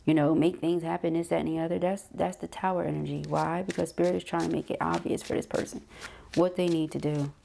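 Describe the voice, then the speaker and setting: A woman talks through a tarot reading. Her voice sits low and very gravelly, with a mellow, dark tone. She stays chatty and emphatic and keeps turning to her viewers. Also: flat delivery, fast. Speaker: tarot reader. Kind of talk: casual spoken tarot reading.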